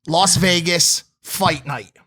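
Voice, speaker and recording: A young man in his twenties co-hosting a podcast, telling a story in an animated, swearing way. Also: fairly high pitch, slow. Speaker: podcast co-host. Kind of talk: casual storytelling chat.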